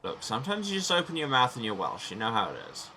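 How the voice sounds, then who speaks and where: A man's voice: medium pitch, big pitch swings, quick pace, pushed and bright, slight background noise. A man hosting a let's play, giving chatty, self-mocking gaming commentary from a small sealed room and muttering to himself as he plays.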